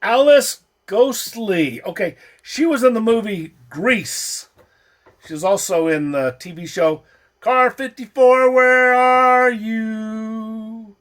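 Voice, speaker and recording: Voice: medium pitch, animated, takes it slowly. A person chatting casually while watching an old film, naming the actors on screen in a hesitant, musing way. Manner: hesitant, musing, often trailing off. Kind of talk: casual watch-along commentary. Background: faint film soundtrack.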